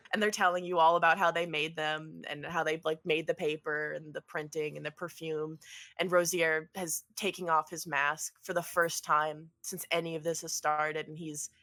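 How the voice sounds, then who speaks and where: Rambling woman game master, low voice. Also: little pitch movement, normal speed, a bit bright. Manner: meandering, lots of ums. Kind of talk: narrating a tabletop game.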